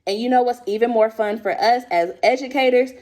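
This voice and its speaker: Chatty woman teacher with a higher voice. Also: fairly quick. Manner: lively, chatty and direct, speaks to the viewer. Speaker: high school drama teacher. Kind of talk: presenting teaching tips.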